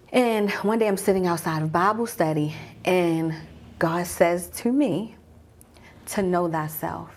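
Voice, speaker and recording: Husky woman telling a personal story. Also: fairly low pitch. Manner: guided-imagery storytelling, hushed at tense moments. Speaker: mom coach.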